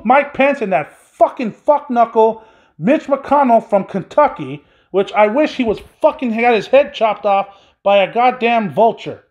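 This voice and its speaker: A man hosting his own podcast, delivering an angry, profanity-laden solo rant. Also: high voice. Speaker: podcast host. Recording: dull lo-fi recording.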